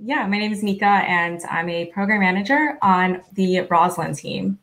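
Female guest, mid pitch, soft-spoken and friendly, video call. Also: normal speed. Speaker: guest program manager. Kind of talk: casual live-stream chat.

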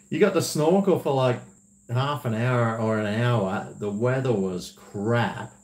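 A man hosts a livestream in a loose, rambling way, laughing often as he reads out viewer messages. His voice sits at an ordinary middle pitch. The room gives it a noticeable echo. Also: slow pace. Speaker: livestream host. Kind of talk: casual livestream chat, reading viewer messages. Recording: roomy echo.

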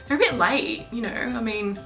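A woman with a bright, clear voice gives a casual spoiler review of a film. She talks in a loose, chatty way, padding her thoughts with little fillers. Soft music plays faintly behind her. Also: fairly high pitch, rough recording. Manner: chatty, full of "like" and "you know" fillers. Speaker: movie reviewer.

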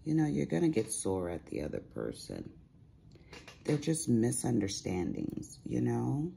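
A woman's voice: rumbling low, very animated, measured pace, creaky, dark tone, slight background noise. A middle-aged woman chatting casually while crafting at home, telling sassy stories with big swings in her voice. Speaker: crafting vlogger.

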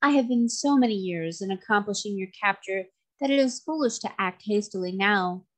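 A woman reads aloud in a natural, mid-range voice, playing a vengeful male sea magician. She gives him a slow, sweet delivery with a mocking calm, and the mood is gloating.

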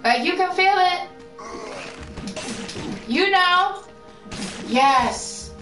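This woman's voice is extremely high and expressive, and she speaks extremely slowly. As a streamer, she shares personal stories with her live chat in a candid, freely cursing way, picked up by a distant mic with roomy sound while faint music plays in the background.

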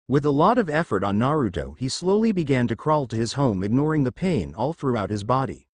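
A man's voice: mid-range voice, sing-song, a little fast, no echo. A man reading fan fiction aloud as narrator. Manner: reads all the figures himself. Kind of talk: story narration.

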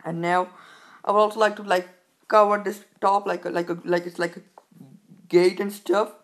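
A woman hosting a gameplay video, giving excitable commentary full of startled exclamations and rambling repeated fillers. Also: mid-range voice, moderate pace.

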